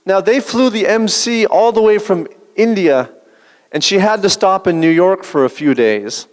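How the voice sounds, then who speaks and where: Deadpan stand-up comic man in a hall. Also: high voice, moderate pace. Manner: deadpan one-liners with dry asides. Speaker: stand-up comedian. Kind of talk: stand-up comedy set. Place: large event hall. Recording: long hall reverb.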